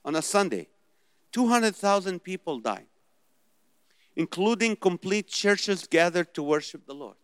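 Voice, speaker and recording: A man's voice: high voice, measured pace, pauses often, clean tone, no echo. A man preaching a sermon, asking rhetorical questions and mimicking worried voices. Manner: animated, rhetorical questions, mocking imitations of worried people. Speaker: pastor.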